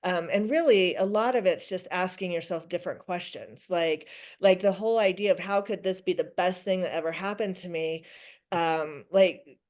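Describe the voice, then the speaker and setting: A woman's voice: on the low side, moderate pace, a little mellow. A middle-aged woman speaking as a podcast guest, talking things through reflectively with frequent restarts. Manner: reflective, many restarts and quoted self-talk. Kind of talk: conversational interview.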